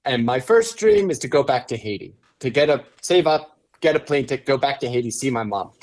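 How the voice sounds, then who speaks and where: A man voicing a soft-spoken tearful Haitian waiter. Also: mid-range voice, expressive, brisk, lightly acted. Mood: tearful hope.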